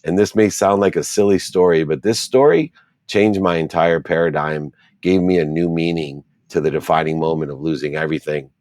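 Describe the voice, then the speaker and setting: A man's voice: low voice, a little fast, darkish tone, no echo, studio quality. A middle-aged man, an interview guest, telling a personal story earnestly and repeating phrases for emphasis.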